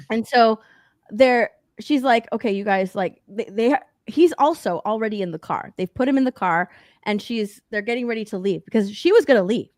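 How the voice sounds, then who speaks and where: A high-pitched woman talks through a movie scene by scene on a casual podcast, animated and swearing freely, jumping into the characters' voices. The sound is dry and close, with no room around her. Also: normal speed, dry recording. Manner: animated, profane, acts out characters' lines. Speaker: podcast co-host. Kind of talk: casual chat recapping a movie.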